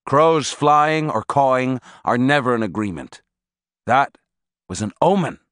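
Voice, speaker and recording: A man voicing a stern, teasing older male teacher in an audiobook, speaking severely and gruffly. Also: medium pitch, expressive, unhurried, a bit bright, no room sound, clean studio sound. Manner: severe and gruff, then mocking.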